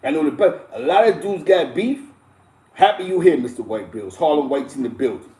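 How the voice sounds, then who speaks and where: A middle-aged man riffing in blunt, profane street talk, animated and chuckling as he tells stories. His voice sits a little high for a man. It bounces around a roomy, echoey space. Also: a little fast. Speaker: live-stream host. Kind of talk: casual street-talk commentary. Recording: roomy echo.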